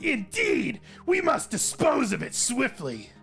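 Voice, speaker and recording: A man's voice: huge pitch swings, takes it slowly, gravelly, a bit bright, soft background music, full character voice. A man voicing a fierce, haughty female demon from a game who declares everything at full volume. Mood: startled commanding. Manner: booming declarations, all caps.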